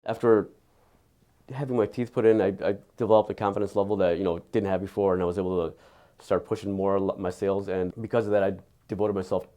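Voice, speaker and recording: A man giving an earnest, candid patient testimonial, halting and often repeating his words. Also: low-pitched, fairly even intonation, warm tone.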